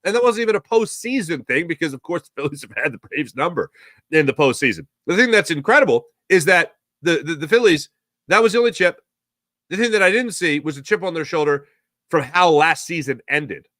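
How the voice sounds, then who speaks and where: A man hosting a sports podcast, talking through recent games in excited, rambling, fan-like commentary. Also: a little high, a little fast, no room sound, clean studio sound. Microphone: podcast mic.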